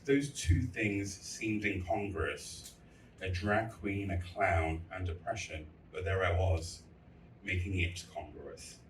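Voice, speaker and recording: A man's voice: deep voice, slow, a little hiss or hum. A man giving a candid, storytelling speech to fellow artists, with blunt and crude humor. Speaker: festival speaker. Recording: echoey hall, voice from far off.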